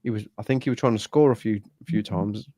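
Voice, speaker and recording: A man's voice: on the low side, fast talker, mellow, no echo, clean studio sound. A man chatting casually about football, swearing freely and restarting his sentences. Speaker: podcast co-host.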